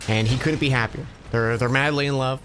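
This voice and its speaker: A male streamer tells a long joke in casual live-stream chat, stopping and restarting his sentences as he rambles. His voice is mid-pitched, with faint background noise under it. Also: steady tone, brisk. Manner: rambling, self-interrupting storyteller.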